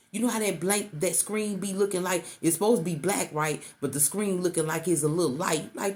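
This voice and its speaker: Low-voiced woman giving a tarot reading. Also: fairly quick, few pauses, a little mellow. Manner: repetitive, coaxing, calls listener baby. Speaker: tarot reader. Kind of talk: intuitive tarot reading to the viewer.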